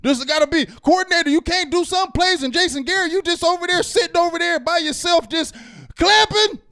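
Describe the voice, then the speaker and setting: High-pitched guy venting after a loss, gets loud then mutters under his breath. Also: brisk, vocal fry. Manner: heated, swinging from loud outbursts to muttering. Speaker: host. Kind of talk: postgame fan reaction rant.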